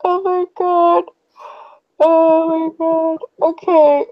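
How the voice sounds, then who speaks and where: A young woman with a very high voice co-hosts a casual livestream, overwhelmed with delight. She laughs, gushes and sounds choked up near tears, and her words come slowly. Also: little pitch movement, muffled recording. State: teary, choked up. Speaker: co-host.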